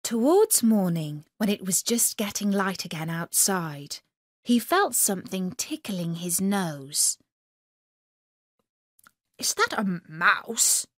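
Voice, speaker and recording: A woman narrating a children's story for English learners in a clear, expressive way. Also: mid-range voice, a little slow, no room sound, clean studio sound.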